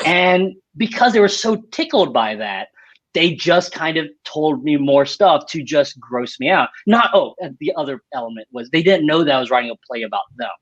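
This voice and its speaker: A man's voice: mid-range voice, fairly bright tone. A man from Arkansas, a playwright on a video call panel, telling self-mocking stories full of swearing and acted-out voices. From Arkansas, United States. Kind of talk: casual storytelling on a video panel. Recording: dull lo-fi video call audio.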